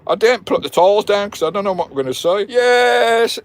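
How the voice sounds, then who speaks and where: Man, high voice, cheeky live-stream chat, swears and laughs. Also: expressive, fairly quick. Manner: jokey, cheeky, swears freely, laughs a lot. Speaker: vanlife channel host. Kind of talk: live-stream chat playing a picture puzzle with viewers.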